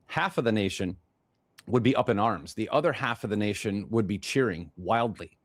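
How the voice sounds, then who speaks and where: A man's voice: lowish voice, normal speed, no echo. A man with a Chicago accent hosting a talk show, rambling and restarting his phrases as he introduces a guest. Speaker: podcast host. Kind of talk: casual monologue introducing a guest.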